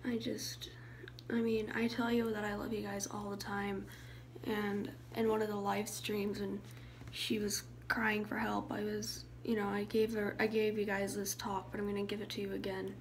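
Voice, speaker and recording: A young woman talking to her viewers in a soft, halting way, sometimes dropping into a hushed, whispery voice. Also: medium pitch, completely flat delivery, slight background noise, poor audio. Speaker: YouTuber. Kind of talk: emotional vlog talk to viewers.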